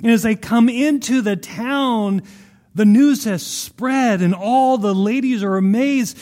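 High-voiced preacher telling a vivid story. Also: male voice, slow pace. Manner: animated storytelling, vivid retelling of scripture. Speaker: pastor. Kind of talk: sermon.

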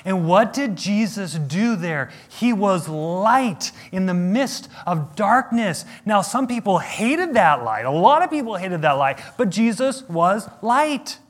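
A middle-aged man delivers a sermon in a notably high voice. He takes his time, leaning on emphatic repetition and rhetorical questions as he addresses his listeners. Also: sing-song, slow pace, few pauses. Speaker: pastor.

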